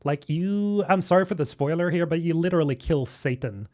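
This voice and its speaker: A young man from Sweden reacting to game trailers on a live stream, excitable and swearing, talking to chat. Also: a little high, a little fast. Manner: excitable, swearing, chatting with viewers. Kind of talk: casual live-stream commentary.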